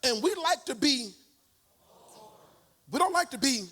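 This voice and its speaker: A man preaching a sermon in a church with a hoarse voice, talking with the congregation and breaking into sung, shouted phrases. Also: very high-pitched, big pitch swings, a little slow. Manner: call-and-response preaching, sings and shouts phrases. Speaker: guest preacher. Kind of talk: energetic sermon. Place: church sanctuary.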